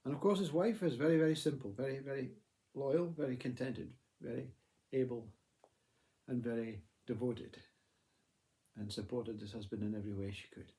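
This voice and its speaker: Male narrator for a parable; low-sheened, gravelly, mellow, measured delivery. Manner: measured, repetitive, gently emphatic. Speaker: storyteller. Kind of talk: spoken parable.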